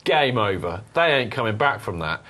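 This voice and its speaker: A man's voice: lowish voice, moderate pace. A man hosting a football fan podcast, chatting and joking with a panel. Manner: animated, jokey, leads the talk. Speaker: podcast host. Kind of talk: casual football chat.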